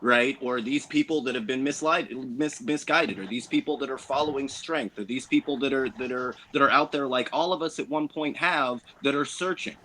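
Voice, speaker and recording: A man on a panel, talking in halting bursts, repeating words and checking in with the listener. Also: medium pitch, sharp tone, a little hiss or hum, rough recording. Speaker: panel member. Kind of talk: panel discussion.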